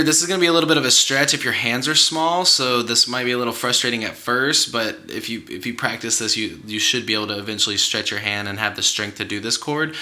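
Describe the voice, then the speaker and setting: Young male guitar teacher, medium pitch, patient and encouraging, counts rhythms aloud over strummed guitar. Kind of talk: guitar tutorial. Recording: guitar playing under the voice. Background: guitar playing.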